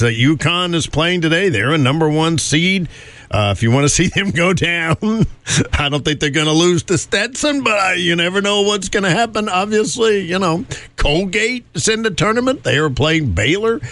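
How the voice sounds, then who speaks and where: A man's voice: on the high side, fairly bright tone, dry recording. A man hosting a morning show, chatting casually and rambling with fillers and chuckles. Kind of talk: casual radio chat.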